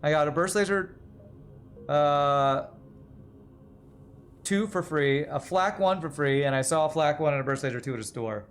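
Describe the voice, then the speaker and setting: A man's voice: fairly high pitch, normal speed, long pauses. A man streaming a video game, casually chatting and telling a rambling story while he plays. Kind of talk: casual gameplay commentary. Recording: faint game music behind. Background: faint game music.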